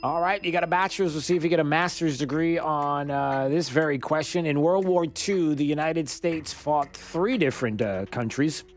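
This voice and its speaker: A man running a call-in talk radio quiz, his voice sitting a touch high. He jokes around and pads his lines with fillers. Soft music plays faintly underneath. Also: normal speed, hardly any pauses. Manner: jokey, loose, filler-heavy. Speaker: radio talk show host.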